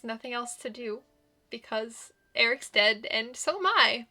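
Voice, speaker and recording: A woman's voice: a little high, expressive, measured pace, pushed and bright. A woman commenting on her visual novel playthrough, exasperated and exclaiming often. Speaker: let's play gamer.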